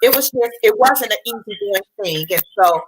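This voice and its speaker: A woman's voice: medium pitch, expressive, moderate pace, breathy edge, poor audio. A middle-aged woman recounting a personal story as a panel guest, earnest and conversational. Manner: earnest, conversational, with restarts and colloquial speech.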